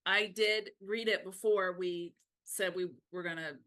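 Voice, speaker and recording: Bright-voiced chatty woman co-host. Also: fairly low pitch. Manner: chatty, animated, quick asides. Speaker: podcast co-host. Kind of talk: casual book discussion.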